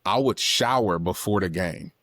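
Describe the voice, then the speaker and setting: A man in casual podcast chat, laid-back and quick to laugh, who coaches. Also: low-pitched, a bit bright, no echo, clean studio sound. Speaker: podcast guest.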